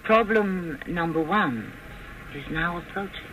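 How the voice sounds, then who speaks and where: A man hosting a radio drama, narrating in a measured, declamatory style. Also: sits high, expressive, lo-fi sound, background noise.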